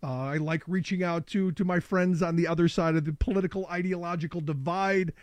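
A man hosting a call-in talk show, sounding sick and rough-voiced, chatting casually. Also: high-pitched, fairly even intonation, no room sound. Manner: casual, chatty, quick asides. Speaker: radio talk show host.

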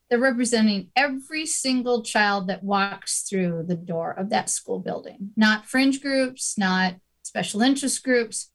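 Woman advocate guest, earnest, slow-paced, slightly high. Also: a bit bright. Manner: slow and earnest, with many fillers. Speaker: education advocacy organizer. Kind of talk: interview answers.

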